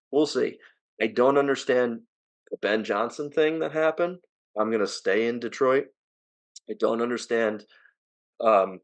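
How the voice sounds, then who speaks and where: A man with a New Jersey accent co-hosting a sports podcast, opinionated and prone to exasperated, profane rants. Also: medium pitch. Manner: opinionated, ranting, swears, rising to exasperated outbursts. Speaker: podcast co-host. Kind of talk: casual sports talk.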